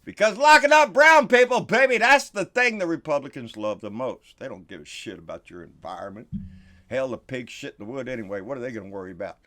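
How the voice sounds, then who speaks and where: A man's voice: medium pitch, big pitch swings, fast, pushed and bright. A man ranting about politics, profane, sarcastic and heated. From Texas. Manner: profane, fiery, sarcastic, calls listeners "baby". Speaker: political vlogger.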